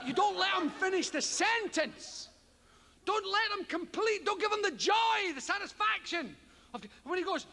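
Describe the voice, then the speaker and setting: A Scottish man performing stand-up comedy in a boisterous manner, swearing, shouting his punchlines and acting out voices. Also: very high-pitched, lively intonation, moderate pace, in a large hall, background noise. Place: live comedy stage.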